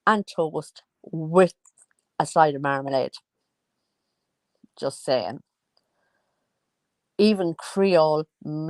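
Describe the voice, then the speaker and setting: A woman's voice: low-pitched, no room sound. A woman in her forties giving casual, teasing gossip commentary as a vlogger. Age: 40s. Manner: chatty, teasing, sing-song asides.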